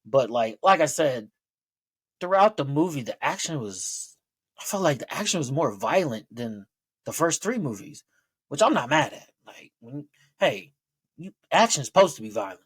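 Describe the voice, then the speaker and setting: A man's voice: fairly high pitch, sing-song, normal speed, husky, dry recording. A man giving a casual, rambling movie review, loose and full of fillers, laughing and swearing as he goes.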